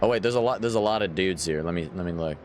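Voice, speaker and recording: A man's voice: deep voice, fast, slight background noise. A man with a sore throat, playfully chatting to viewers during gameplay. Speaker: streamer. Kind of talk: casual gameplay commentary.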